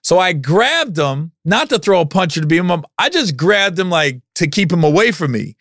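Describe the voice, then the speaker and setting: A man in his forties talks casually on his podcast, spinning a story with lively delivery and bursts of loud acted-out dialogue. His voice sits a little high for a man, and the sound is close and dry with no room around it. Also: normal speed, no room sound. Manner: animated, acts out quotes in loud raised voices. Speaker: podcast host.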